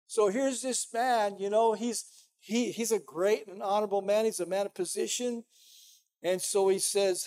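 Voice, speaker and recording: A man's voice: high-pitched, steady tone, moderate pace, a little mellow. A man preaching a sermon as pastor, conversational and emphatic, often saying "you know".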